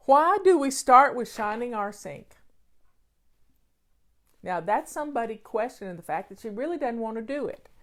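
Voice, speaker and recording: A woman's voice: on the high side, expressive, unhurried, pauses often. A woman hosting a casual question-and-answer show on home organizing, talking in an emphatic, folksy way and repeating key phrases.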